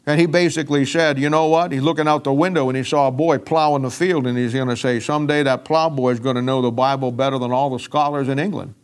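A man preaching a folksy, emphatic sermon-style Bible teaching, with frequent restarts. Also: mid-range voice.

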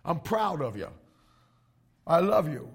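A male pastor preaches with emphatic, animated force, often restarting his sentences as he presses a point. His voice sits a bit high for a man and carries a strong gravelly rasp. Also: slow. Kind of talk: sermon to young ministry students.

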